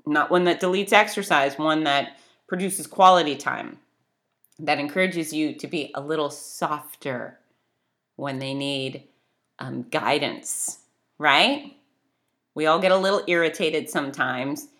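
A woman's voice: low voice, unhurried, a bit bright. A middle-aged woman giving an emphatic, blunt motivational talk that urges listeners to act. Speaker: motivational speaker.

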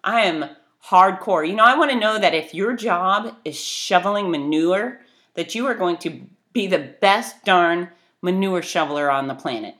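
A woman's voice: on the low side, lively intonation, normal speed, fairly bright tone. A middle-aged woman giving an emphatic, blunt motivational talk that urges listeners to act. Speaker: motivational speaker.

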